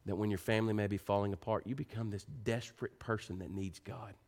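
A man preaching a sermon. He moves between quiet, earnest pleading and animated storytelling. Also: quick pace. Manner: animated, rising to high excited pitch when telling stories.

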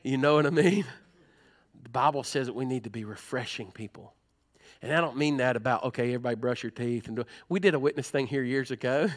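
A middle-aged man, preaching a sermon in a church with animated, folksy storytelling and humor. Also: mid-range voice. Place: church sanctuary.

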